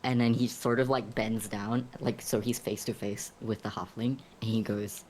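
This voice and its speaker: A man's voice: lowish voice, fairly even intonation, normal speed, darkish tone, a little hiss or hum. A man playing a tabletop game, describing his actions in a rambling, giggly way with self-corrections. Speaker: player.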